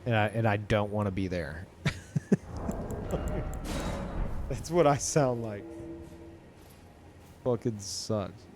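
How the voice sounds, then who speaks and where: A man talking casually to his live-stream chat, who calls his own voice monotone. He rambles with many fillers and restarts and swears often. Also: on the low side, takes it slowly, pauses often, music in the background. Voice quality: self-described monotone.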